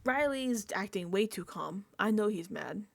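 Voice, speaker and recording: A woman in a casual recap vlog, her pitch swinging widely as she talks. She speaks in an animated, blunt, profane way and laughs freely between points. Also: unhurried, gravelly. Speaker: reality TV recap vlogger.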